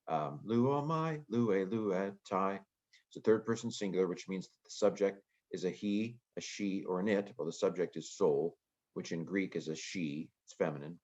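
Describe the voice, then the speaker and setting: Deep-voiced man teaching Greek grammar. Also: muffled recording. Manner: relaxed, thinking aloud with frequent ums. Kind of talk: casual lecture on Greek grammar.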